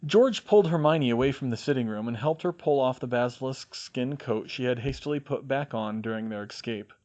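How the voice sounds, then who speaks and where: A man narrating a fan fiction audiobook in an expressive reading voice. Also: mid-range voice, fairly quick, dull audio. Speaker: audiobook reader.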